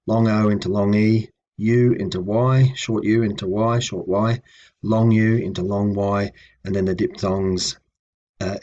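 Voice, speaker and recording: A man giving a patient, methodical lesson on old language grammar, pausing with ums and correcting himself as he goes. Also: fairly low pitch, a little mellow, dull audio. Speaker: language teacher. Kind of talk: explanatory lecture.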